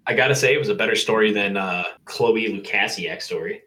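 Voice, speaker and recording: Casual male reader, bright and lowish, reading a comedic story with asides. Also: fairly quick, low-quality recording. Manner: reads aloud, breaks off to joke and laugh. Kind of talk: casual comedic read-aloud.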